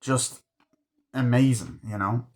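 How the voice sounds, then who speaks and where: A man's voice: mid-range voice, fairly even intonation, takes it slowly, darkish tone. A man casually reviewing a film, enthusiastic and swearing constantly while he acts out scenes. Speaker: movie reviewer. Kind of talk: casual movie review chat.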